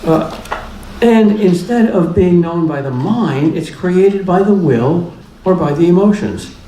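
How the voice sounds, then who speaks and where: A man's voice: high voice, animated, slow, dark tone. Guy giving a talk, dry humor, says things over for emphasis, echoey room, faint hum behind. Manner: plainspoken, humorous, emphatic repetition. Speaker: lecturer. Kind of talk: public lecture.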